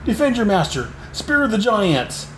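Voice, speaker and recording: A man reading out the lines of a deranged male tyrant in a higher, frantic ranting voice, in an echoey room. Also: sing-song, normal speed, a bit bright, a little hiss or hum. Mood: raving. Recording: echoey room, faint ambience.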